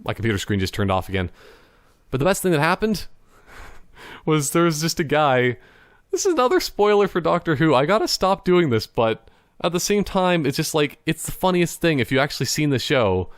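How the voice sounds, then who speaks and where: A man's voice: fairly high pitch, sing-song, moderate pace, clear, resonant tone, no echo, clean studio sound. A young man from Canada hosting a solo podcast in casual chat, rambling and laughing often, now and then slipping into playful impressions, talking at his computer. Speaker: podcast host. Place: indoors at a computer.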